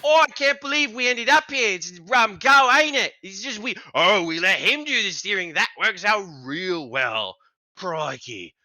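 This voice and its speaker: A man voicing a big, bickering winged warrior, gruff and exasperated. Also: high-pitched, big pitch swings, drawn-out words, pauses often, bright, forceful tone, pitched above the performer's own voice, full character voice.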